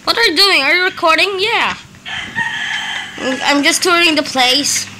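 A woman hosting a casual game roleplay video, talking in a halting way with many pauses and sudden excited exclamations. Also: very high-pitched. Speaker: Minecraft roleplay video host. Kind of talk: casual gameplay roleplay commentary. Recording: noisy with clicking in background.

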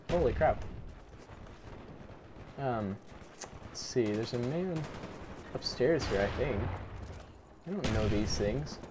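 Young male gameplay commentator, mid-pitched, self-mocking and rambling, clear game gunfire behind. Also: a little mellow, a little hiss or hum. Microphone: desk microphone.

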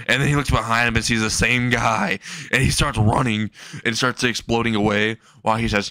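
A man's voice: medium pitch, fairly even intonation, fairly quick, bright, forceful tone, dry recording. A young man casually narrating an improvised comedic fan story, crude and laughing.

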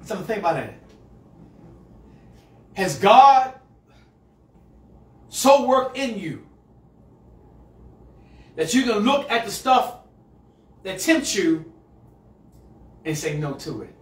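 A male pastor preaching a sermon to a congregation, moving between quiet asides and shouted call-and-response lines. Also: high voice, sing-song, slow, long pauses. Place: church sanctuary with a congregation. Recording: echoey hall, mic far off. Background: congregation answering.

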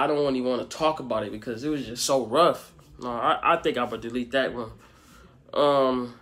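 A man's voice: on the high side, fairly bright tone. A young man answering fan questions in a casual, rambling vlog, with lots of fillers. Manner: laid-back, rambling, filler-heavy. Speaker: vlogger. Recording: faint music behind.

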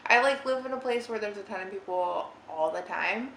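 A woman's voice: medium pitch, moderate pace, creaky, fairly bright tone, a little hiss or hum. A young woman chatting casually through a makeup tutorial in her living room, rambling and giggly with lots of "like". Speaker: beauty vlogger. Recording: roomy living room with faint ambience.

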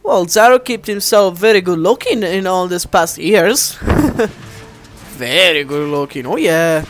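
A man giving let's play commentary, animated and easily exasperated, often addressing viewers as guys. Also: sits high, a little slow, faint music behind. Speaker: gameplay commentator.

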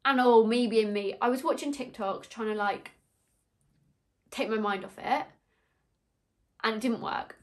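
A woman's voice: on the high side, unhurried, pauses often. A young woman chatting in a get-ready-with-me vlog, telling rambling, gossipy stories while a little tipsy. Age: young adult. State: slightly tipsy. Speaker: beauty vlogger.

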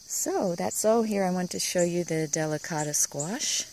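A woman giving a casual tour of her vegetable garden, talking admiringly and softly, sometimes dropping to a whisper, recorded outdoors on a handheld camera. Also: fairly low pitch, moderate pace, a little hiss or hum. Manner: admiring, soft-spoken, often drops to a whisper.

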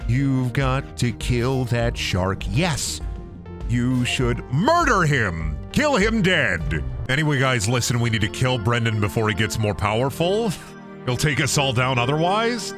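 A man's voice: medium pitch, sing-song, unhurried, a bit bright. Young guy streamer goofing around, voice jumps all over, game music faint behind. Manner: goofy, playful, swears and laughs often. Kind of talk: joking gameplay commentary.

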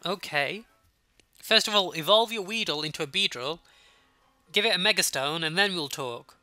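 Brummie Let's Play host, young adult, sniffly, chatty with viewers, bright sharp tone. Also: mid-range voice, moderate pace, no room sound, soft background music. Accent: Birmingham. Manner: chatty, talking to viewers while playing. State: sniffly with a runny nose. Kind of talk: casual gameplay commentary.

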